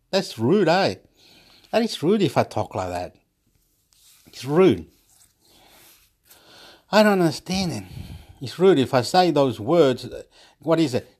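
A man rants on and on, swearing and repeating himself in a slightly higher voice than most men. His rambling is aggressive and he keeps looping back to the same phrases. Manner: aggressive, profane, repetitive ranting; breaks into laughter. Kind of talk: rambling monologue.

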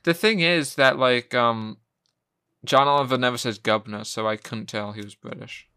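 A man's voice: medium pitch, normal speed, pushed and bright, smooth, dry recording, clean studio sound. A man co-hosting a film podcast, joking and stumbling through restarts in casual chat. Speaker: podcast co-host.

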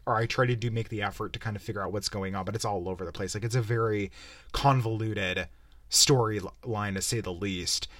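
A young man ranting through a game review, profane and exasperated, rambling from one gripe to the next. His voice sits at an ordinary middle pitch. The sound is close and dry, with no room around it. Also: fairly bright tone, no echo. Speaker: podcast host. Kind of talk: casual game-review rant.

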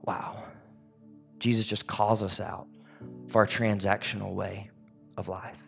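A man preaching a sermon as a pastor, in an animated, conversational way. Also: on the low side, a little slow, gravelly, soft background music.

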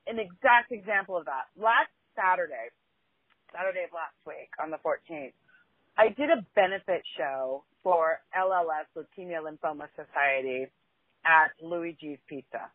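A woman's voice: on the low side, moderate pace, dry recording. A woman co-hosting a casual podcast, who tells a story bluntly and often restarts her sentences. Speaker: co-host. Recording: dry, phone-like line.

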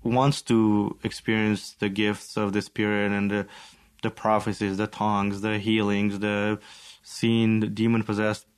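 Man, podcast host, lowish voice, loosely phrased interview questions. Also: little pitch movement, a little slow, smooth.

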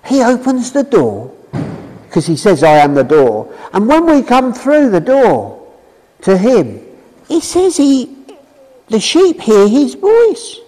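High-voiced preacher, dramatic swings. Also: male voice, huge pitch swings, big-room sound, poor audio. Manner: emphatic, dramatic swings from loud calls to low drawn-out words. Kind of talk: street preaching sermon with personal testimony.

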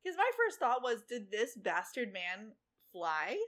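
Woman, podcast co-host, casual recap, animated pitch, bright tone. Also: unhurried. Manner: animated storytelling, sarcastic asides.

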